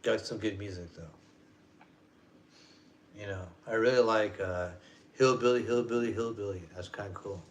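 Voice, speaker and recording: This man in his 40s has a lowish voice with fairly even intonation, speaking at a measured pace with frequent pauses. Ranting casually on his vlog, he rambles and curses, using loose street slang.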